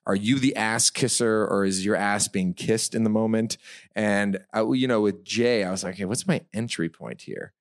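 A man's voice: fairly low pitch, moderate pace, no room sound, clean studio sound. A man co-hosting a live podcast, telling self-mocking stories and laughing often as he goes. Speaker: podcast co-host. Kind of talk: casual storytelling on a live podcast. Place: festival stage before a live audience.

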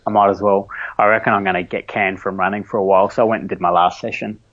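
Animated Australian man telling a story. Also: on the low side, quick pace, dull audio. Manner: animated, acts out quoted voices, laughs often. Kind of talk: casual storytelling chat.

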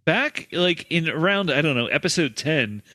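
A man's voice: a little high, expressive, moderate pace, sharp tone, dry recording. A man co-hosting a comedy podcast, talking in a laid-back, casual way with lots of fillers. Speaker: podcast co-host. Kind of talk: casual chat.

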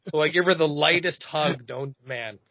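A man in his thirties, a podcast host, telling a comedic story in an animated, profane way. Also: on the high side, normal speed, dry recording, dull audio. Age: 30s.

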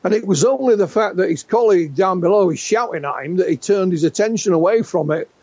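A man's voice: high voice, lively intonation, fast, darkish tone, slightly rough. An Englishman in his sixties, a UFO researcher interviewed as a guest, telling stories animatedly with frequent restarts. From England. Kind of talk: conversational storytelling interview. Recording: dull lo-fi dry sound.

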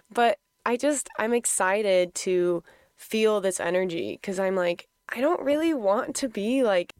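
A woman talks through her feelings in a loose, candid monologue, often breaking into laughter and leaning on "like". Her voice is smooth and clear, at an everyday pitch for a woman. The sound is close and dry. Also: no echo. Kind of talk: personal reflective monologue.

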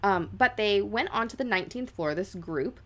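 A woman's voice: medium pitch, expressive, moderate pace, fairly bright tone. Chatty woman telling a ghost story. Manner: chatty, many "like" fillers, dramatic quoted voices. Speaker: podcast co-host.

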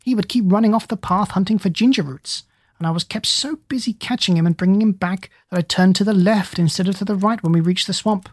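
A reader voicing a clever, bossy female parrot who talks in an urgent, hushed way in a storybook. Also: mid-range voice, a little fast, no room sound, studio quality, natural voice. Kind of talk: audiobook character reading.

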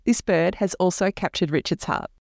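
A woman hosts the show, reading narration from a script in a clear, steady way. Her voice sits on the low side for a woman. The recording is dry and close. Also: moderate pace, no room sound. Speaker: podcast host.

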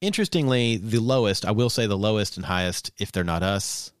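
Male podcast host, lowish voice, jokey casual ad reads, dry booth. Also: brisk, clear, resonant tone, dry recording. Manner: playful, joking, lively.

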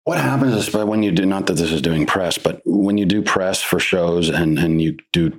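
A male actor chatting as a guest in an interview, telling rambling, animated stories. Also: sits low, normal speed. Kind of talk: casual interview chat.

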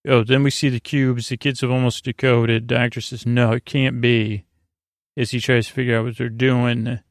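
A man hosting a sleepy bedtime podcast, retelling a story in a halting, rambling way with many fillers and restarts. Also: no echo, clean studio sound. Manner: low-key monotone retelling. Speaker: podcast host. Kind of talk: sleepy bedtime episode recap.

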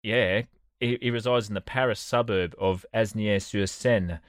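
Dry sardonic Australian man, low voice. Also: steady tone, normal speed, no room sound. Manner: dry, sardonic, swears casually. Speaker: podcast co-host. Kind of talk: comedic storytelling chat.

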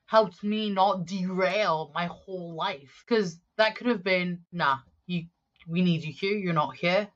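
A woman's voice: on the low side, a little slow, dull audio. Frank woman recalling hard times. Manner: frank, reflective, swears casually. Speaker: podcast guest. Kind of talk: candid conversational storytelling.

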